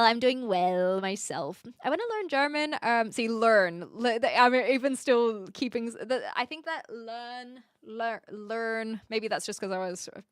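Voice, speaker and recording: A woman's voice: medium pitch, a bit bright, dry recording, clean studio sound. Chatty woman from New Zealand streaming. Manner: chatty, restarts words often. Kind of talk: casual chat answering viewers.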